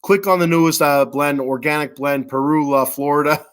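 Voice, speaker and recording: A man's voice: a little high, steady tone, normal speed, a bit bright, smooth. A man hosting a sports podcast, reading sponsor ads in a rambling, joking way with lots of fillers. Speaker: podcast host. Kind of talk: casual sponsor reads.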